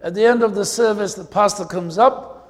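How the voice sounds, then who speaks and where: A South African man preaching a sermon as pastor, telling humorous stories with drawn-out emphasis, in a church hall. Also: sits high. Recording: long hall reverb.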